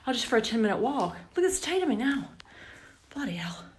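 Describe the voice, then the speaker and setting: A woman's voice: fairly high pitch, big pitch swings, fast talker, a little hiss or hum. A woman from Georgia, chatting casually to camera as a vlogger and asking her viewers playful questions, with the odd curse. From Georgia, USA.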